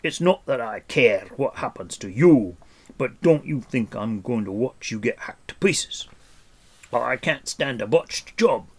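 A man voicing a cantankerous male dwarf in a storybook reading, shouting and scolding. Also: mid-range voice, lively intonation, measured pace, breathy edge, voice pushed up. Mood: furious.

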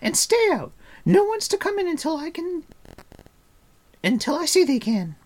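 A man's voice: very high voice, big pitch swings, unhurried, mellow, pitched above the performer's own voice, heavily acted. A man voicing a bossy, spirited young girl who scolds and gives orders. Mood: scolding. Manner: scolding, commanding.

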